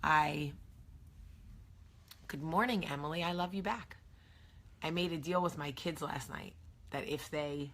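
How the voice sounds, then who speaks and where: A woman in her thirties talks casually to camera as a morning show host. Her voice is bright and a little low-pitched. She speaks slowly, with plenty of fillers and emphatic asides. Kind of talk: casual morning vlog chat.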